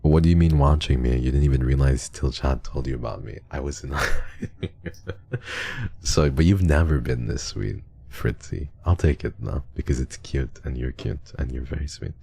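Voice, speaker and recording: A male streamer who is unwell, chatting casually on a livestream while reading donations, soft and drowsy in tone, often trailing off. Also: a bass voice, moderate pace, gravelly, breathy edge.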